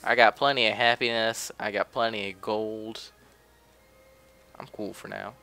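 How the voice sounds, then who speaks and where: A young man in casual gameplay commentary, chatty and offhand, close on a desk mic. His voice is bright and smooth, a bit low, and faint music sits underneath. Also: little pitch movement, a little slow. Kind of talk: casual let's play commentary.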